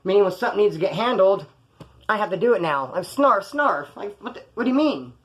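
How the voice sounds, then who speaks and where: A man's voice: high-pitched, fast, husky. A man with a Californian accent telling prison stories in a casual, profane monologue, often acting out the voices of other people. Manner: animated, swearing, acts out other voices.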